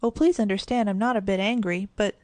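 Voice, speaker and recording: A woman voicing an eager, excitable little girl in a storybook, speaking higher and exclaiming. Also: fairly quick, no room sound, lightly acted.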